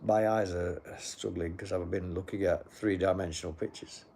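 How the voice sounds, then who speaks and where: A man's voice: low-pitched, fairly even intonation, moderate pace, gravelly, warm tone, slight background noise. An older man who chats in a casual, dry and rambling way as he answers live comments into a phone. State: sleepy, yawning. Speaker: livestream host.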